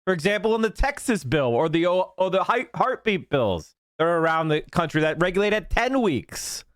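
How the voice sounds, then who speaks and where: A man's voice: sits high, very animated, moderate pace, dry recording. A man hosting a casual reaction stream, blunt and profane, thinking aloud as he looks things up. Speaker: stream host reacting to a clip.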